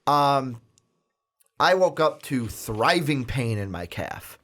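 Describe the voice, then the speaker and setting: A man hosting a casual podcast chat, excitable and rambling with lots of fillers. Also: medium pitch, slow. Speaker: podcast host.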